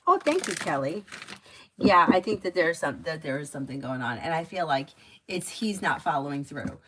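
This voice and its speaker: A woman's voice: deep voice, big pitch swings, moderate pace, a bit bright, slight background noise, low-quality recording. A woman giving tarot readings on a casual live stream, chatty and advice-giving, with lots of filler words. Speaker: tarot reader.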